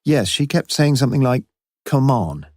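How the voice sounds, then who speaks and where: A man's voice: mid-range voice, big pitch swings, moderate pace, darkish tone, no room sound, clean studio sound, voice pushed up. A man voicing a fussy, anxious middle-aged landlady in an audiobook, flustered and eager to please. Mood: chatty. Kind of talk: audiobook character voice.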